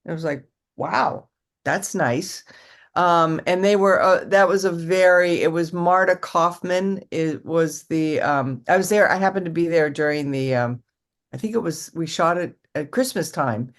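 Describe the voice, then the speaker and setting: Chatty older actress telling stories. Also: female voice, on the low side, moderate pace. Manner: chatty, rambling with restarts and acted-out quotes. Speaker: actress guest. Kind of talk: casual interview storytelling.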